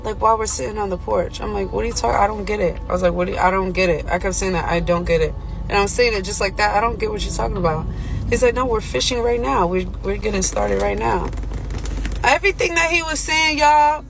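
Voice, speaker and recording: A young woman casually telling a dating story, animated and swearing freely as she acts out what was said. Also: mid-range voice, quick pace, gravelly, soft background music, rough recording.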